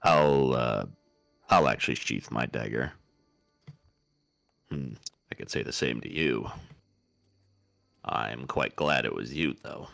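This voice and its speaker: Very deep, gravelly male player. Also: slow pace, long pauses, a bit bright, dry recording, soft background music. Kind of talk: in-character tabletop play.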